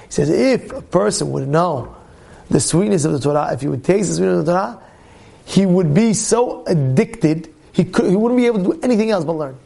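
A man teaching a lively Torah class as a rabbi, animated, often acting out other people's voices and restarting his phrases. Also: sits high, gravelly. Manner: animated, acts out quoted voices, many quick restarts.

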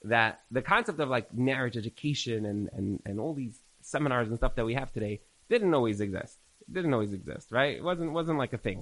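A man teaching a recorded Torah class, telling stories in an animated way and repeating phrases for emphasis. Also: mid-range voice, quick pace, low-quality recording. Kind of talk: recorded religious class lecture.

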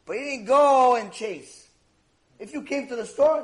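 A man's voice: very high-pitched, unhurried. A man giving a Torah class, telling the story with animation and acting out the dialogue. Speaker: Torah lecturer.

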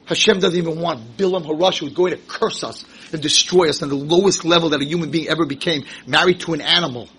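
A man teaching a Torah class, emphatic and animated, asking rhetorical questions and rising to shouts. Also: fairly high pitch, fast, few pauses, a little hiss or hum, rough recording. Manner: rhetorical questions, acts out quotes. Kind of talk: Torah lecture.

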